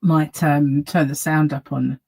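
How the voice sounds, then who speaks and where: A woman's voice: low-pitched, little pitch movement, unhurried, gravelly, a little mellow, breathy edge, rough recording. A woman chatting casually on her live stream from home, greeting viewers by name and rambling about her day.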